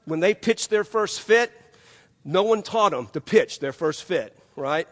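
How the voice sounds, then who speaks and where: A man's voice: high voice, expressive, a little slow, in a large hall. An older man preaching a sermon as pastor, emphatic and conversational, telling stories to make his point. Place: church sanctuary.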